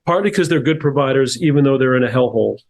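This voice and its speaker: A fast-talking, animated middle-aged man from New Jersey, medium in pitch, appears as a podcast guest; he's an author and coach. Telling stories in a casual interview, he's thoughtful yet often restarts and repeats words.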